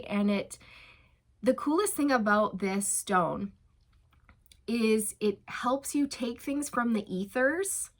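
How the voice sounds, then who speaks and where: Gushing, chatty woman tarot reader. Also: medium pitch. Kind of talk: casual spiritual talk to camera.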